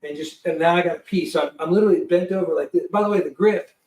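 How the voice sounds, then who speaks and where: A high-voiced man spins a lively, profane anecdote as a guest, tripping over restarts as he goes. He sits some way off the mic, and the room rings around him. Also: quick pace, echoey room, far from the mic, rough recording. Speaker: guest producer. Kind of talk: animated storytelling.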